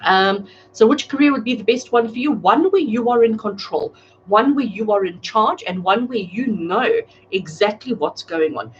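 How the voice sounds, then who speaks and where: A woman with a medium-pitched, lively voice speaks at a moderate pace, giving tarot readings live to a camera from home. She chats casually and greets viewers by name; the audio is dull with slight background noise.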